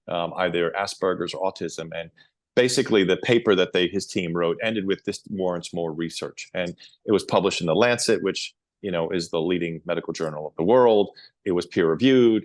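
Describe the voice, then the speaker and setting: Low-voiced man telling rambling stories. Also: no room sound, studio quality. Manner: rambling, animated storyteller. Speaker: guest. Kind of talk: casual interview storytelling.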